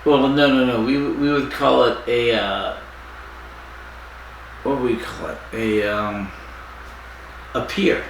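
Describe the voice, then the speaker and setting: A man co-hosting a podcast, recapping a plot in a slow, halting way with lots of fillers. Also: medium pitch, fairly even intonation, slight background noise. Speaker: podcast co-host. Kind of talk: casual chat recapping an episode. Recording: echoey distant room mic.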